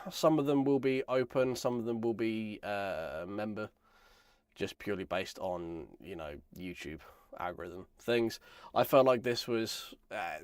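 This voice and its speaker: A man with a cold, talking in a croaky, gravelly voice as he chats casually and rambles through a live stream. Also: mid-range voice, no echo, clean studio sound. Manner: rambling, self-deprecating. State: hoarse from a chest infection. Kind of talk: casual live-stream chat while building.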